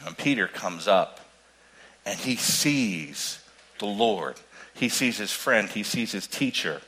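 Animated preacher with a bright voice. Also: male voice, fairly low pitch, slow pace, low-quality recording. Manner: animated storytelling, swings from loud emphasis to hushed tones. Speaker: pastor. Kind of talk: sermon.

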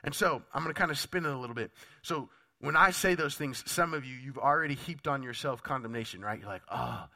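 A man's voice: mid-range voice, quick pace, few pauses, pushed and bright. A man preaching a sermon, his voice sounding off from a lingering cough illness, talking conversationally and putting direct questions to the congregation. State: sick, voice sounds off. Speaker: pastor.

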